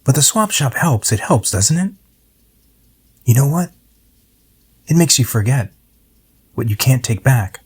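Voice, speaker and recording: A middle-aged man reading his own poem aloud, reflective and unhurried as he tells a story. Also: mid-range voice, expressive, darkish tone, husky. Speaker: poet.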